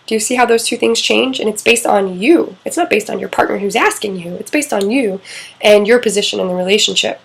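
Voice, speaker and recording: A woman's voice: medium pitch, a little fast, gravelly, breathy edge, rough recording. A middle-aged woman coaching on relationships in a casual, candid talk, swearing freely and acting out quoted lines.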